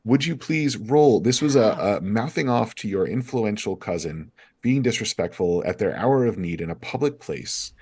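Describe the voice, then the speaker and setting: A man's voice: fairly low pitch, expressive, moderate pace, few pauses, darkish tone, slightly rough. A man running an improvised tabletop game as game master, narrating in a hesitant, apologetic way with many fillers.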